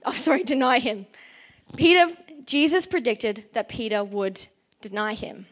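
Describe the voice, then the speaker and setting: A woman's voice: fairly high pitch, expressive, a little slow. A woman giving a casual sermon, chatty and full of "like", acting out the people in the story as she retells it. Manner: chatty, uses "like" often, acts out quotes. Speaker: preacher.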